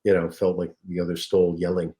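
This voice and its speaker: Low-voiced man telling stories. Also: fast, very noisy. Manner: animated anecdotal storyteller. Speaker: guest, comedian and voice actor. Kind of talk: casual interview storytelling.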